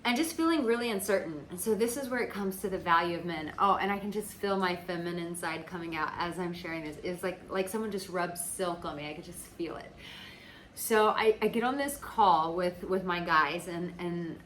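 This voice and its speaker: An American woman who works as a dating coach talks casually and emphatically to camera, swearing freely and saying "like" constantly. Her voice is on the low side and a bit bright, and the low-quality recording carries a little hiss or hum.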